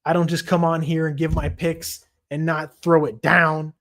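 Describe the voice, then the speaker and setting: A man hosting a casual livestream chat, swearing a lot, getting excited and reading chat messages aloud. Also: fairly high pitch, normal speed. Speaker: streamer.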